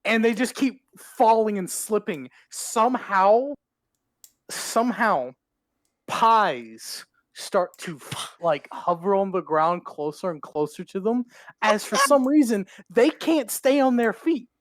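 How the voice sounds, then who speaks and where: A man running a tabletop role-playing game as game master, narrating scenes with frequent laughs and quick character lines. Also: high voice, no room sound, clean studio sound.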